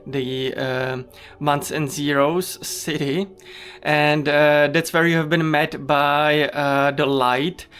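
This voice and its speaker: A man hosting a spiritual commentary, earnest and halting, full of ums and uhs. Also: on the high side, fairly bright tone. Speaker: commentary host.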